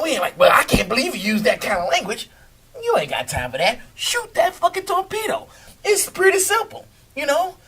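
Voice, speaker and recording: Man, casual monologue host, lively swooping pitch, swears freely, slightly distant from the mic. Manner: animated, swearing, laughs often, talks back to critics. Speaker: host of his own video show.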